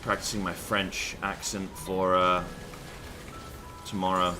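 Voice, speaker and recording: A man's voice: medium pitch, expressive, normal speed, over music. A young man chatting loosely on a game stream, rambling with fillers and the odd swear word. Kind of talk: casual live-stream chat.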